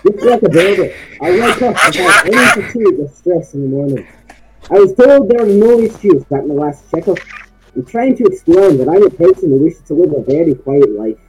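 A man in a casual online tabletop game session, reciting a long meme text in a steady, deadpan way. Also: high-pitched, a little fast, husky, rough recording. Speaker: player. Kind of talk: casual chat, reading a meme text in a mock voice.

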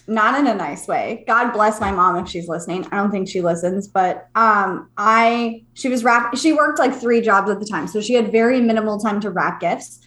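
A woman's voice: mid-range voice, a bit bright. A woman co-hosting a podcast, telling stories with a wry, joking manner. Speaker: podcast co-host. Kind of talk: casual chat. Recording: echoey room.

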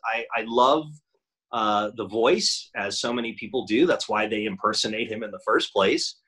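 A middle-aged man, a voice actor, telling relaxed stories in a casual interview and laughing easily. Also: on the low side, normal speed, husky. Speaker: voice actor guest.

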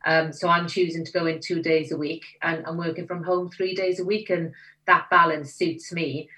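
A Welsh woman with a Valleys accent, speaking low in pitch but with a bright, forceful edge. She chats frankly and with a little self-mockery as a guest on an interview podcast. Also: moderate pace, distant mic, low-quality recording. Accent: South Wales Valleys Welsh. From Wales. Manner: frank, lively, self-deprecating. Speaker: magazine editor, podcast guest. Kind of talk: casual interview chat.

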